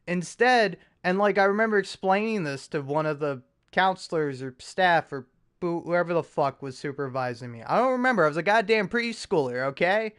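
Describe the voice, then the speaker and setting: A man's voice: high voice, expressive, moderate pace, fairly bright tone, clear, resonant tone. A young man hosting a podcast, telling a story in a rambling, profane, self-mocking way with lots of restarts and fillers. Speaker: podcast host. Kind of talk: casual chat.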